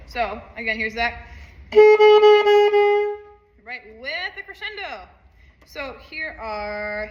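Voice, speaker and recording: A woman's voice: fairly high pitch, lively intonation, takes it slowly, pauses often, sharp tone, reverberant, faint music behind, poor audio. A woman teaching a saxophone part, upbeat, counting aloud and singing rhythms. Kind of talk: music lesson walkthrough.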